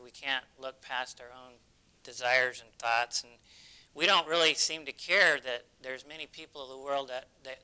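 A man's voice: mid-range voice, sharp tone, clean tone, rough recording. A man preaching a sermon, telling stories in an earnest way. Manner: earnest storytelling.

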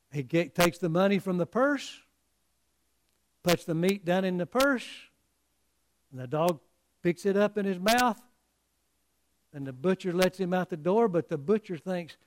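A man preaching a sermon in an earnest, halting way, often repeating words as he restarts. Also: high-pitched, animated.

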